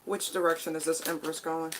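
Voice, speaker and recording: A woman's voice: sits low, level tone, fairly quick, slight background noise. A woman giving a casual spiritual tarot reading, chatty and emphatic, with casual swearing. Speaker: tarot card reader.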